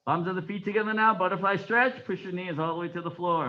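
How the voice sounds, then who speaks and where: A man teaching a taekwondo class, counting aloud in Korean and giving sharp commands between calm explanations. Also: high voice, fast, hardly any pauses. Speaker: taekwondo instructor. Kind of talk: teaching a martial arts class. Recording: dull lo-fi sound.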